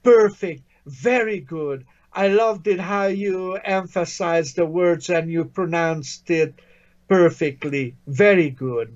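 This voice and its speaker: A man's voice: high-pitched, slow pace, highs cut off. A man teaching a language lesson online, patient and encouraging, praising his student often.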